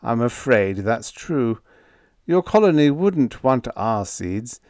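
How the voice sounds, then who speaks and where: A man's voice: mid-range voice, very animated, slow, darkish tone, dry recording, studio quality. A man voicing a meek, mild-mannered young spaceship officer who talks blandly and stammers when flustered, in an audiobook. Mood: sorrowful. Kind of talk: audiobook character voice.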